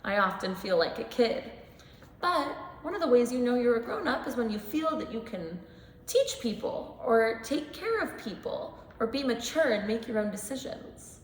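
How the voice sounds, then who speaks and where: A woman in her twenties giving a children's Bible lesson in a church, telling stories in an animated way. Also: on the high side, moderate pace, echoey room, long reverb tail. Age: 20s. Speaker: church school teacher. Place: church sanctuary.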